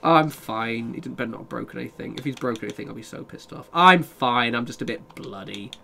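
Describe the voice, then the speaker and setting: A man's voice: mid-range voice, fast talker, creaky, pushed and bright. A young man live-streaming a game, chatting casually with viewers, reading their messages and swearing freely. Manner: chatty, sweary, reads and answers chat.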